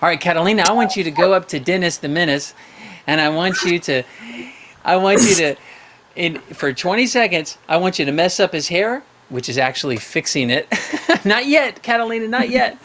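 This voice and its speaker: A man's voice: on the high side, animated, normal speed, fairly bright tone, slight background noise. A man hosting a live call-in show, coaching young callers in a playful, upbeat way, asking questions and running little games.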